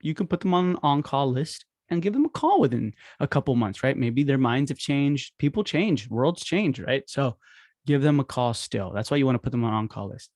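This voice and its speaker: Man, casual instructional talk, energetic, quick voice shifts, dry close-mic sound. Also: mid-range voice, dry recording. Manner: energetic, acts out phone calls with quick voice shifts. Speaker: podcast host teaching dental marketing.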